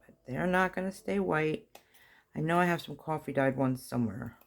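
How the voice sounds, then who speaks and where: A woman's voice: sits low, moderate pace, creaky. A woman, chatting to herself and viewers while she makes a craft at home, in a chatty, self-deprecating way. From New Jersey. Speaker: craft vlogger. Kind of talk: casual craft-along chat.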